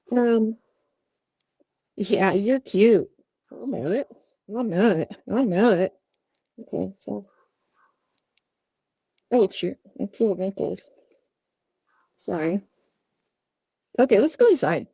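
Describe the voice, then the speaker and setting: A woman's voice: mid-range voice, expressive, slow, pauses often, warm tone, husky, no room sound, studio quality. A woman puppet maker talking casually through her work on a livestream, outdoors, apologizing often. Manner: chatty, self-apologetic.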